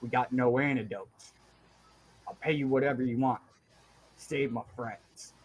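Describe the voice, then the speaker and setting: A man voicing a gruff male dwarf leader in plate armor during a tabletop game. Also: medium pitch, fairly even intonation, unhurried, slight background noise, close to an everyday voice. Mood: desperate.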